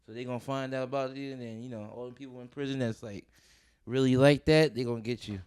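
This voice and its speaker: A young man co-hosting a comedy talk show, joking around casually, laughing often and slipping into quick voices. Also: mid-range voice, smooth. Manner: laughing, animated storyteller doing quick voices. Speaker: comedian co-host.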